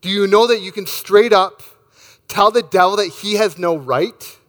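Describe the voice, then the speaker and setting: A man's voice: sits high, normal speed, a bit bright, in a large hall. A man preaching a sermon, reading scripture aloud and speaking emphatically to his congregation. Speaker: pastor.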